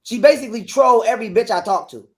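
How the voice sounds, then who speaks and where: A man's voice: very high voice, fast. Profane, ranting man. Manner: profane, ranting, repeats himself, acts out quotes loudly. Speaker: guest telling his side of a breakup. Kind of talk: heated interview talk.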